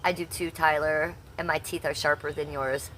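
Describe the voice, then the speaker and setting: A woman's voice: low voice, steady tone, moderate pace, a bit bright, slight background noise. A woman in her fifties chatting brashly on a live stream, reading out and answering the chat with blunt, salty humor. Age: 50s. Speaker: livestreamer.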